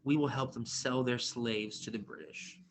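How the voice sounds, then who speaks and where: A man's voice: medium pitch, fairly even intonation, normal speed, a little hiss or hum, close to an everyday voice. A man reading aloud as a brash, proud teenage boy who talks curtly and dismissively. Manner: curt, dismissive.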